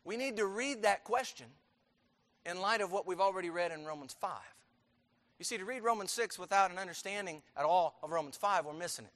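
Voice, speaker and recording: A man preaching a sermon to a congregation, emphatic, asking rhetorical questions and breaking into forceful outbursts. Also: high voice, big-room sound. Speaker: pastor.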